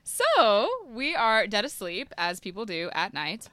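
Bright animated woman telling stories. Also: medium pitch, a little slow, no echo, clean studio sound. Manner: animated storyteller, laughs often. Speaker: podcast co-host. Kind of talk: casual storytelling chat. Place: boat.

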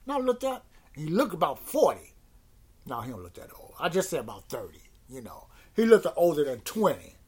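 Husky man ranting casually. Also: on the high side, huge pitch swings, a little fast. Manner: rambling, repeats words, exasperated. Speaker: podcast host. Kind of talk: casual monologue rant.

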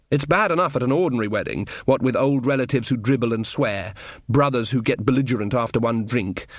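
A man's voice: medium pitch, dry recording. A man narrating an audiobook in a dry, wry storytelling manner. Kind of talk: scripted narration.

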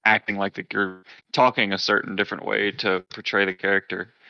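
Casting: man, low and bright, blunt and sweary, podcast co-host, dry close sound. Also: level tone, brisk, creaky, no echo, muffled recording. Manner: blunt, profane, laughs often. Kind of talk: casual chat.

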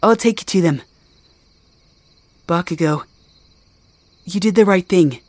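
A man's voice: high-pitched, slow pace, darkish tone, no echo. A man voicing a supportive, easygoing young male companion in a fan audio drama. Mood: friendly.

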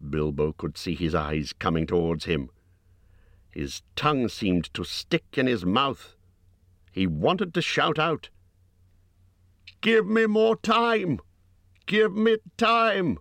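Deep-voiced male audiobook narrator. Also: no echo. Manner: expressive reading, rising high for character lines. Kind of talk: scripted narration.

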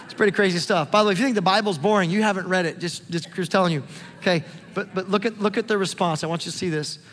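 A male pastor preaches in a lively, chatty way, his voice sitting high for a man. The sound carries a long hall reverb around it. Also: fast. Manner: animated, conversational preaching with repeated calls to look. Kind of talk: sermon.

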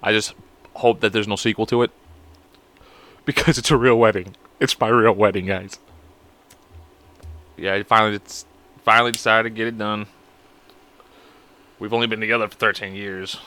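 A man's voice: lowish voice, little pitch movement, moderate pace, pauses often, bright, forceful tone. A man hosting a podcast alone, rambling in a crude, profane, self-mocking way. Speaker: podcast host. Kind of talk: casual solo podcast chat.

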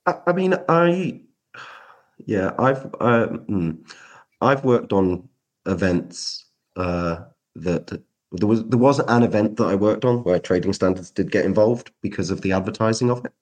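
A man chatting on a podcast, hesitant and halting, starting his sentences over and over. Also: lowish voice, lively intonation, darkish tone. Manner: hesitant, many fillers and restarts. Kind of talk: casual chat.

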